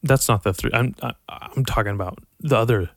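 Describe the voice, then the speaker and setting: A young man rambling casually through horror movie picks, profane and animated, sighing often. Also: mid-range voice, a little fast, gravelly, no echo, clean studio sound. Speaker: vlogger reviewing horror movies. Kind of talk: casual rant to camera.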